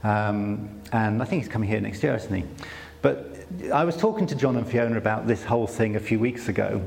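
A man speaking at a conference, telling stories in a relaxed, self-deprecating way. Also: lowish voice, a little fast, vocal fry, big-room sound. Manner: conversational, self-deprecating storytelling with many restarts. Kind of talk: sermon-style talk.

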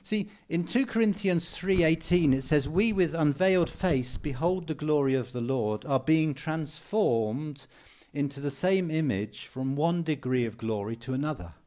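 A man's voice: a little high, animated, a little slow, hardly any pauses, dark tone. A man preaching a sermon in an earnest, encouraging way, repeating phrases for emphasis. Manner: mimics people for humor with raised voice.

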